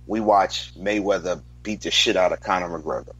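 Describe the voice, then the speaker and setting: A man in a heated sports debate, arguing in a deliberate, emphatic way. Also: sits low, fairly even intonation, a bit bright, husky. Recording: dull lo-fi dry sound.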